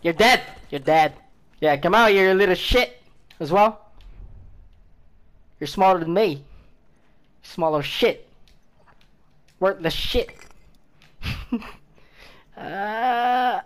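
An excitable gamer reacts to gameplay, taunting enemies, swearing and laughing in between. The talk is unhurried, drawn out between bursts, with sudden yelps and shouts that leap high, and a middling pitch otherwise. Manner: talks to the game characters. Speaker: gaming video creator.

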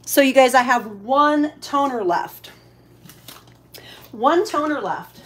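A woman's voice: high voice, expressive, takes it slowly, a bit bright. A woman hosting a casual live shopping stream. She is chatty, thanks each buyer and stops to coo at her pets.

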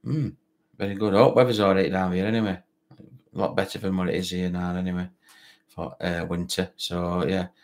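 A man's voice: low-pitched, flat delivery, a little fast. A man with a broad Barnsley Yorkshire accent, hosting a football fan live stream in rambling casual chat, reading out viewer comments with lots of fillers. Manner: rambling, repeats words, many fillers.

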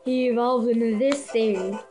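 A woman giving casual reaction commentary, excitable, stumbling over names and laughing at herself. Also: on the high side, measured pace, faint music behind, low-quality recording. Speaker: video creator.

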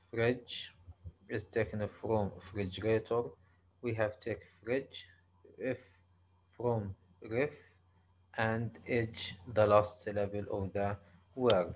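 Slow, halting Arabic-accented male lecturer. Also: fairly low pitch, darkish tone, rough recording. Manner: slow, halting explanation with frequent restarts and repetitions. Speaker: university lecturer. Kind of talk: recorded online lecture.

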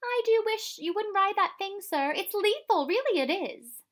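A woman's voice: extremely high pitch, expressive, normal speed, pitched above the performer's own voice. A woman voicing a shy, anxious housekeeper who speaks timidly and deferentially in a storybook reading.

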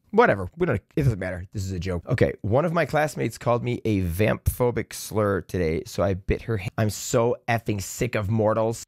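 A man hosting a comedy channel, reading Reddit posts aloud with sardonic, profane, deadpan asides. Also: lowish voice, moderate pace, creaky, hardly any pauses, dry recording, clean studio sound. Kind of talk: sarcastic comedic commentary.

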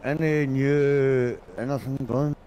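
A relaxed man chatting on his roleplay stream, speaking slowly and easily with plenty of casual cursing. His voice sits at an ordinary middle pitch, with faint noise behind him. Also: highs cut off. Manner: laid-back, swears and laughs often.

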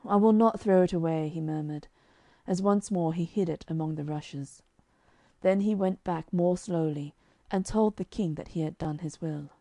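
Woman audiobook narrator, lowish mellow voice, calm measured storybook read. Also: no room sound.

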